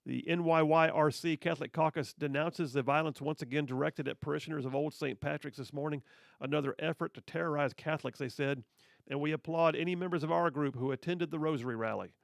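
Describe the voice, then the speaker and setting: On a conservative talk radio show, a male host reads stories out with sarcastic jabs at his listeners. He has a fairly high, creaky voice with a steady tone and a quick pace, recorded dry on a studio mic.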